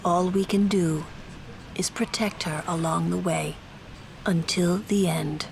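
An actress playing a calm, motherly guardian who speaks slowly and gently in video game dialogue. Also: fairly low pitch, creaky, slight background noise. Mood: gentle. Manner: slow, gentle, measured.

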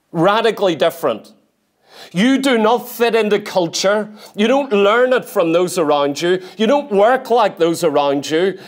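A man with a high voice preaches a sermon in a church, speaking emphatically and repeating key phrases. He slows down when reading scripture.

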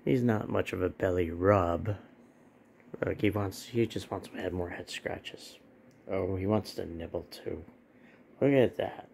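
Slow, gravelly man cooing at his cat. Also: low-pitched, a little mellow, a little hiss or hum. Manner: coos affectionately at the cat. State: hoarse from allergies. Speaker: cat owner filming his pet. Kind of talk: casual vlog talk to his cat.

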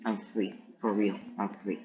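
A woman's voice: extremely low pitch, flat delivery, moderate pace. A woman giving live gameplay commentary, jumpy and panicky, talking to herself and to her opponent. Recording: dull lo-fi mic with faint noise.

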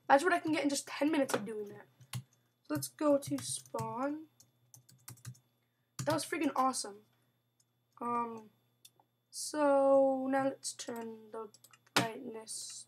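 Brief: young woman, high voice, unhurried, excitable gamer commentary, faint typing behind. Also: slight background noise. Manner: chatty and excitable, with sudden outbursts and mock growls. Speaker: gamer narrating gameplay. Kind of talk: casual let's-play commentary.

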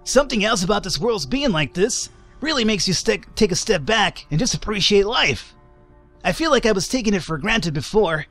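A man's voice: sits high, sing-song, normal speed, a bit bright, soft background music, voice pushed up, exaggerated voice. A man voicing a laid-back young male surfer survivor in a video game, with an easygoing surfer drawl. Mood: mellow.

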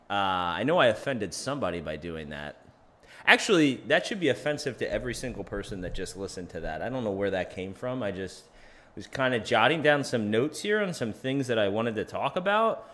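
A man's voice: lowish voice, very animated, brisk, fairly bright tone. A man hosting his own podcast in a rambling, self-deprecating, chatty monologue. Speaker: podcast host.

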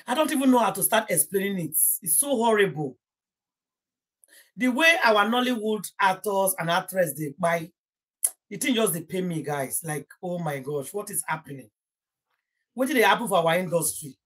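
A woman's voice: medium pitch, lively intonation, moderate pace, fairly bright tone, husky. A young Nigerian woman hosting a casual gossip livestream, rambling and emotional, slipping Pidgin into her English. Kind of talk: casual live-stream chat.

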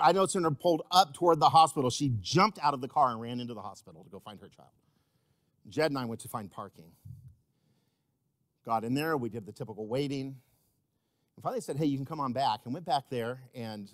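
A man preaching a sermon as pastor, swinging between loud emphatic repetition and quiet, intimate asides. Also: on the high side, animated, moderate pace, dry recording, studio quality. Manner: repeats key words for emphasis.

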